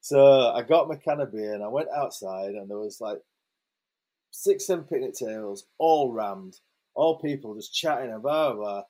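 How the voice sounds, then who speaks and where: A man's voice: medium pitch, normal speed. Chatty man telling a story. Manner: lively, swears freely, many fillers and restarts. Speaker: interview guest. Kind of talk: casual storytelling.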